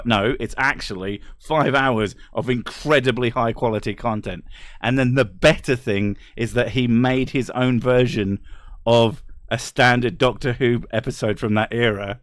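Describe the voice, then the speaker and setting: A man streaming casually, reading chat aloud and ranting bluntly with plenty of swearing and quick laughs. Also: medium pitch, fairly even intonation, no room sound, studio quality.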